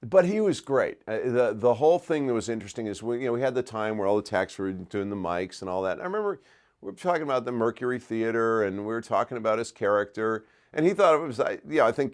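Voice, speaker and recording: Interviewee, male, low voice, relaxed storyteller recounting a recording session. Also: quick pace. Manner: conversational storytelling with fillers. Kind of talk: interview recollection.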